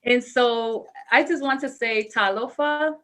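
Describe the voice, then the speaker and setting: A woman's voice: on the high side, a little slow, noisy background. A young adult woman from Samoa, a guest on a live-streamed interview, talking in an effusive, grateful way with frequent laughter. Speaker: guest speaker.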